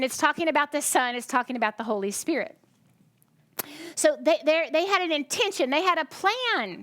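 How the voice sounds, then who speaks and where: Woman preacher, high voice, chatty and self-interrupting, tired, dry sound. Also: a bit bright, no room sound. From United States. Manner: chatty, self-interrupting, asks the congregation questions. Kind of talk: conversational sermon.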